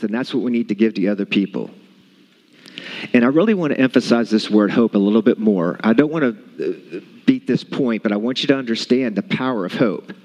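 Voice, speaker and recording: A man preaching a sermon to a congregation, emphatic and repeating his key points. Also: lowish voice. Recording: long hall reverb.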